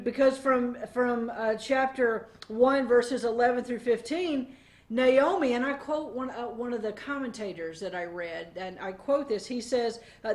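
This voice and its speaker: A woman teaching a weekly Bible devotion in a conversational, animated way, often pausing on fillers. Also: a little high.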